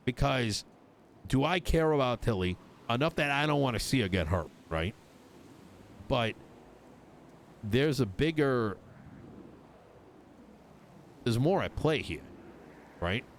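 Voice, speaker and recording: In an online roleplay, a man voicing a politician character stays in role, exasperated and swearing as he retells an argument with quoted lines. His mid-range voice has lively intonation, and he speaks slowly with frequent pauses. A faint hiss or hum sits in the recording.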